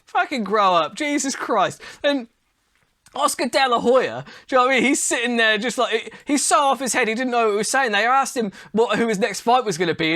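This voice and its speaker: A man with a high, bright voice hosts a comedy show. He rants sarcastically and swears freely as he runs through the week's news. His delivery is loose and conversational. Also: animated, brisk. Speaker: comedy podcast host.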